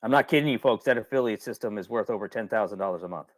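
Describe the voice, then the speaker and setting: Casting note: rambling, colloquial webinar host, a man with a lowish voice, close and dry on a computer mic. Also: rapid-fire, dry recording. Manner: rambling, colloquial, repeats himself when worked up. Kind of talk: casual webinar talk.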